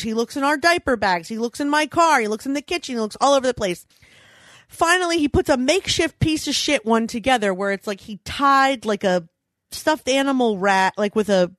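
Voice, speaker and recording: A woman in her thirties telling an animated story in casual chat, laughing often and swearing freely. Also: fairly high pitch, fairly quick, no echo. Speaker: storyteller, mother.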